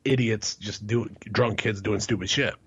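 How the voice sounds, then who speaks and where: A man with a somewhat low voice tells a rambling, profane story in casual podcast chat, laughing in between lines. The sound is muffled and lo-fi, as if from a cheap setup. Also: steady tone, normal speed, fairly bright tone, husky. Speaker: podcast co-host.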